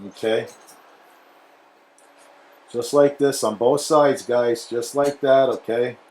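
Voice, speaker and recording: A man's voice: medium pitch, fairly even intonation, slow pace, a little mellow. A man hosting a cooking show, chatty and instructional, often checking in with okay. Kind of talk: casual cooking demonstration.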